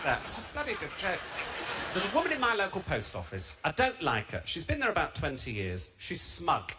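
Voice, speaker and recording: Camp stand-up with a Birmingham accent. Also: male voice, fairly high pitch, wildly swooping pitch, a little fast, sharp tone. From England. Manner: camp, self-mocking, chatty. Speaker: stand-up comedian. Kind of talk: stand-up routine. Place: large theatre stage. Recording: live stage mic with heavy noise.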